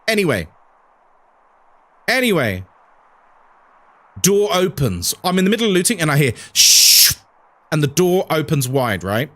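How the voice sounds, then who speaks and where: A high-voiced man chatting on a game stream, his pitch swinging up and down as he tells a story. He rambles and repeats lines over and over, then cuts off mid-thought. The delivery is loose and animated. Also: moderate pace, long pauses. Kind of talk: casual chat on a horror game stream.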